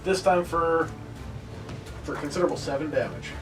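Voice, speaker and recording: A man with a slightly high voice playing a tabletop game, fond of formal, wordy phrasing. He sits far from the mic, with music behind. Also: moderate pace. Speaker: player.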